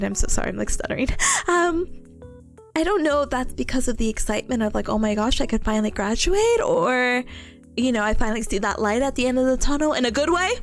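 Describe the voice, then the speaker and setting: Young female streamer, very lively high voice, giggly and stammering, casual chat over soft background music. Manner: bubbly, giggly, stammering, squeals with excitement.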